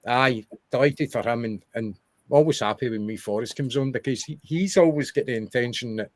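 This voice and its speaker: Young Scottish podcast co-host, chatty and rambling, medium pitch, dry sound. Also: male voice, normal speed, no room sound. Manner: chatty, rambling with restarts and wee asides. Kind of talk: casual football chat.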